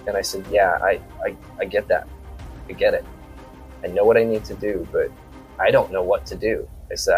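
Man from South Dakota, deep voice, casual podcast guest, rambling anecdote, faint music underneath. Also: steady tone, normal speed, a little mellow, slightly rough, poor audio. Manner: rambling retelling full of quoted dialogue and repeated "I said". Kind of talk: casual storytelling.

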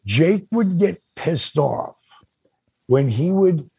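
An older man hosting a talk show, telling stories in an animated way and acting out the quotes. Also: takes it slowly, gravelly, husky, dry recording. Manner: acts out quotes with big pitch jumps. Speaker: podcast host telling stories. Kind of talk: animated storytelling.

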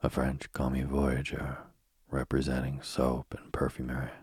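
Man whisper-reading a spooky sleep story, super deep, flat monotone, husky, dry close sound. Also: dry recording. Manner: slow, soft and even reading.

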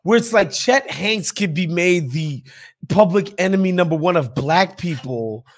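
A man's voice: high voice, expressive, unhurried. A man hosting a podcast, talking bluntly and animatedly, with plenty of swearing. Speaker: podcast host. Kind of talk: casual opinionated chat.

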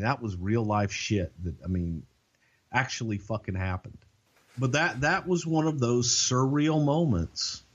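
A man's voice: mid-range voice, highs cut off. Profane older man telling a story. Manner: profane, animated anecdote telling. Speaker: podcast co-host. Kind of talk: casual storytelling.

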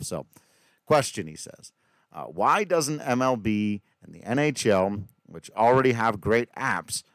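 Smooth-voiced, chatty male podcast host. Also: fairly low pitch, no echo. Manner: chatty, joking, self-deprecating. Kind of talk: casual podcast chat with ad read.

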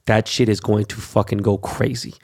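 Young male host, foul-mouthed and brash, gravelly voice, ranting monologue. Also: fairly low pitch, little pitch movement, moderate pace. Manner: brash, cursing constantly. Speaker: show host.

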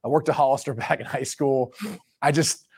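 A man's voice: medium pitch, steady tone, normal speed, a little mellow, husky. A man in his thirties co-hosting a sports talk show, telling a rambling story in casual chat and laughing mid-sentence. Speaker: co-host.

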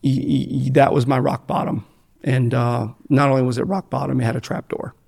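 Gravelly, blunt American man telling his story. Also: mid-range voice, little pitch movement, a little fast, darkish tone. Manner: blunt, profane, rambling with many fillers and restarts. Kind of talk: candid storytelling interview.

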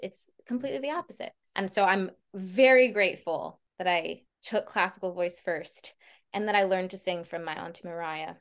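A woman's voice: fairly low pitch, normal speed. A woman guest in a casual interview chat, bubbly and laughing often as she tells stories in quoted voices. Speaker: guest performer.

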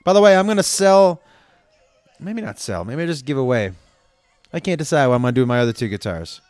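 Smooth-voiced man telling a rambling story. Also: mid-range voice, big pitch swings, quick pace, a little mellow, no echo, soft background music. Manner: rambling, profane, self-correcting. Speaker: show host telling a story. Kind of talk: casual storytelling monologue.

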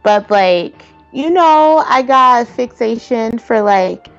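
A woman co-hosting a casual podcast chat, animated and profane, with a constant "like" in her talk. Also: a little high, slow, highs cut off, soft background music. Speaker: podcast co-host.

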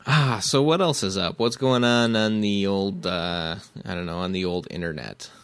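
A man co-hosting a podcast in casual chat, easygoing and quick to laugh. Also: sits low, a bit bright, smooth, no room sound. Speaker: podcast co-host.

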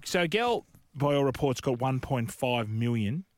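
A man's voice: mid-range voice, lively intonation, a little slow, no echo, clean studio sound. A man hosting a radio show, quizzing his guest with jokes in casual chat. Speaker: radio host.

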